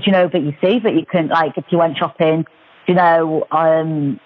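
A British woman telling a personal story as a radio guest, chatty and animated, with many restarts. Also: low-pitched, normal speed. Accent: British English. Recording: muffled radio broadcast.

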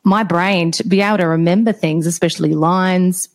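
A woman's voice: fairly low pitch, steady tone, moderate pace. A woman with an Australian accent in her thirties, co-hosting a podcast in a chatty, laughing, self-teasing way. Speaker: podcast co-host. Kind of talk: casual podcast chat.

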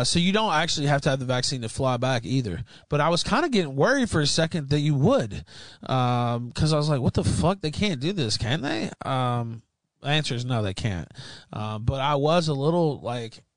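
A man's voice: medium pitch, a bit bright, dry recording. A man hosting a podcast, telling a travel story in a rambling, profane way with many fillers. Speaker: podcast host. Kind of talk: casual chat.

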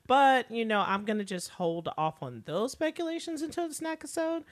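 A woman co-hosting a podcast in casual chat, recapping a show with a relaxed, hesitant delivery. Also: on the high side, fairly quick. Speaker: podcast co-host.

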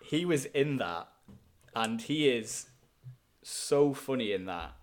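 A man co-hosting a casual film review podcast, chatty and quick to laugh, with frequent asides. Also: medium pitch, animated. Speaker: podcast co-host.

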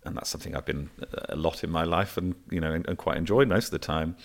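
Male comedian, very low voice, rambling story-teller. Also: fast, creaky. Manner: animated anecdotes with many fillers and restarts. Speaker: comedian guest. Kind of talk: casual chat, storytelling.

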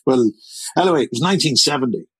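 A man's voice: medium pitch, lively intonation, fast talker, husky, no echo, poor audio. A man in his sixties with a Northern Irish accent, telling a long personal story as a guest, rambling and repeating words. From Belfast, Northern Ireland. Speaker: interviewee. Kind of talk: storytelling conversation.

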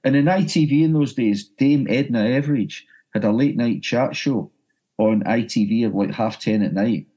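A middle-aged man from Glasgow, Scotland, a broadcaster and music journalist appearing as a guest, tells an anecdote with animation, stumbling over repeated words. His voice is mid-range and mellow, at a moderate pace.

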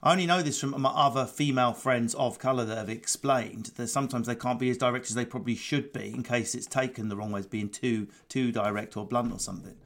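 A man's voice: medium pitch, quick pace, few pauses, a bit bright. Blunt, laughing man from Essex. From Essex, England. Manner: blunt, laughs often, chatty. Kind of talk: casual chat.

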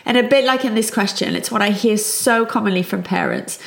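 A middle-aged woman, a child psychologist, calmly and reassuringly explaining parenting advice. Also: medium pitch, brisk, gravelly. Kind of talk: parenting advice talk to camera.

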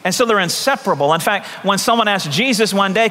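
High bright-voiced male preacher. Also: animated, fast talker, big-room sound. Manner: conversational preaching with repetitions and acted-out voices. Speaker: pastor. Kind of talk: sermon.

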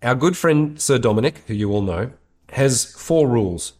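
A man's voice: medium pitch, lively intonation, moderate pace, a little mellow. A man hosting an advice show, talking through a listener's question in a blunt, candid way with casual swearing.

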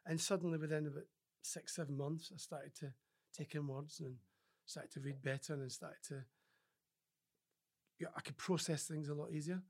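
Here a former Scottish rugby player tells stories as a podcast guest, speaking at normal speed in a fairly high, creaky, darkish voice with fairly even intonation. The interview is casual, and he voices other people's lines. His sentences often restart, and fillers crop up frequently.

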